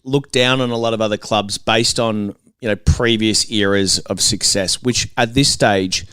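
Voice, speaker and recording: A man's voice: on the low side, steady tone, a little slow, bright, forceful tone, smooth, no echo. A man in his twenties with an Australian accent, co-hosting a casual football podcast with dry, teasing banter. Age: 20s. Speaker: podcast co-host. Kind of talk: casual footy chat.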